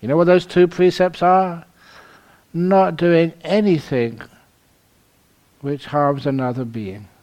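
Slow, gently joking London man. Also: fairly high pitch. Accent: London English. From London, England. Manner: humorous storytelling, chuckles at his own jokes. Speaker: meditation teacher. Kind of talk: retreat dharma talk.

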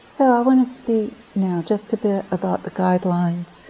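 A woman meditation teacher giving a gentle, reflective dharma talk at a retreat center, often pausing and restarting her phrases. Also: mid-range voice, vocal fry, a little hiss or hum, low-quality recording.

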